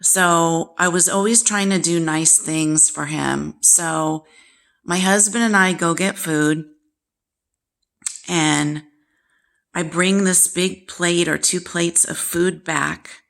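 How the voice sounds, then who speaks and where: A woman's voice: on the low side, fairly even intonation, slow pace, gravelly, fairly bright tone. A woman hosting a personal vlog, telling a painful family story in a candid, exasperated way and now and then speaking straight to the father she talks about. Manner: candid, exasperated, directly addresses her absent father. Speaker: vlog host. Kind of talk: casual personal storytelling to camera.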